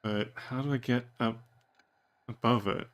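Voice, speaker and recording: A let's play gamer with a medium-pitched, steady voice comments unhurriedly while playing an adventure game. He sounds hesitant and mumbles, laughing to himself now and then.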